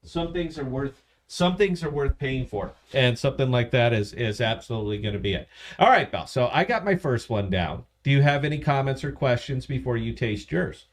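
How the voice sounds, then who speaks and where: A man of middle pitch, neither high nor low, chatting loosely as co-host of a bourbon tasting stream. He teases his partner, jokes crudely and stumbles over restarts in an easygoing, rambling way. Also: lively intonation, moderate pace. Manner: joking, teasing, rambling with restarts. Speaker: podcast co-host.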